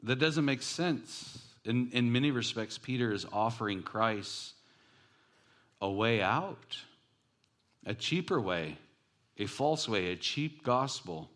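A male pastor delivering a sermon in a lowish voice. He tells personal stories with animation and slips in self-deprecating jokes between points. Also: expressive, takes it slowly, long pauses, fairly bright tone.

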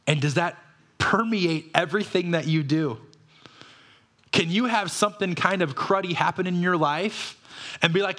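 A man with a fairly high voice delivers a sermon as pastor of his church. He talks in a lively, conversational way and asks his listeners one rhetorical question after another. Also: moderate pace.

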